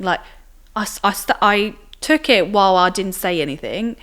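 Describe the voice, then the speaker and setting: A young woman with a slightly low voice talks as an interview guest. She recounts personal experiences in a loose, chatty way. Her sentences are strung together with constant fillers and tag questions. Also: moderate pace, fairly bright tone. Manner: chatty, filler-heavy with frequent "like" and "do you know what I mean". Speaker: podcast guest.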